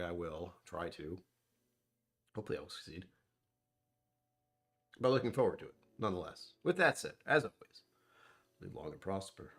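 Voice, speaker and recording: A man's voice: deep voice, fairly bright tone. A man hosting a casual whiskey tasting vlog, rambling and self-deprecating as he thinks aloud about what he smells and tastes. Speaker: whiskey reviewer.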